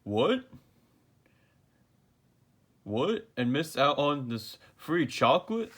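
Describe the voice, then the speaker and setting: A man voicing a dim-witted, friendly male starfish from a cartoon, with a slow, dopey delivery. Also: fairly high pitch, big pitch swings, a bit bright, heavily acted.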